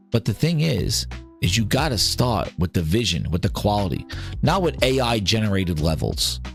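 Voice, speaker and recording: Profane ranting gaming podcast host, man. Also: lowish voice. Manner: profane, heated, sarcastic.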